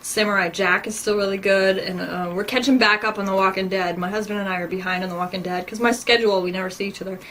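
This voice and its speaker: A woman's voice: medium pitch, steady tone, quick pace, hardly any pauses, a bit bright, slight background noise, poor audio. A woman hosting a casual podcast, chatting enthusiastically and acting out conversations, her allergies bothering her. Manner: chatty, enthusiastic, acts out quoted exchanges. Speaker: podcast host. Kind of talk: casual chat about books and TV.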